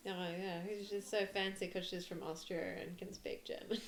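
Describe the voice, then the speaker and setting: Podcast co-host, a woman with a slightly low voice, chatting quickly and playfully in casual watch-along commentary. Her voice sits in a noticeably echoey room. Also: fairly even intonation, slight background noise.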